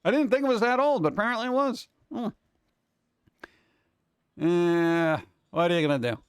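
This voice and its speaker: A male streamer chats casually with his live audience in a voice pitched a little above the usual for a man. He rambles and jokes, hopping from one topic to the next. The sound is dry and close, with no room ring at all. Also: expressive, moderate pace, clear, resonant tone, no room sound. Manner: rambling, jokey, jumps between topics. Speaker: cartoon creator and streamer host.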